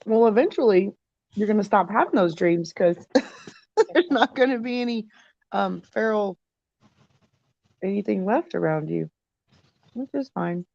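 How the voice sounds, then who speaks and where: A woman's voice: mid-range voice, animated, measured pace, gravelly, pauses often, darkish tone. A woman in casual chat about chickens, laughing easily and trading stories. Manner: laughs easily, friendly back-and-forth. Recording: dull lo-fi dry audio.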